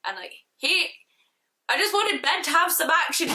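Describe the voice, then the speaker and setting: Bright, chatty woman. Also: very high voice, animated, normal speed, slight background noise, poor audio. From Shropshire, England. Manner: gushing, chatty, slangy, self-mocking. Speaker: book vlogger. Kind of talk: casual book review chat.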